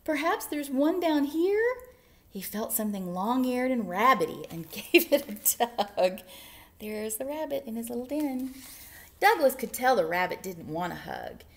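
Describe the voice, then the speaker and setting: A woman who is a children's librarian, reading picture books aloud in an animated, sing-song way that often drops into whispers. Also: fairly high pitch, normal speed. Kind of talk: storytime read-aloud.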